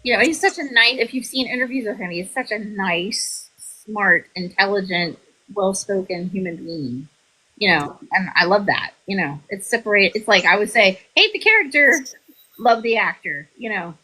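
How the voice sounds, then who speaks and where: Breathy bright-voiced woman on a live stream, gushy, pitch all over the place. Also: lively intonation, normal speed, low-quality recording. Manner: effusive, gushing. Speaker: cosplay panel guest. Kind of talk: casual live-stream chat.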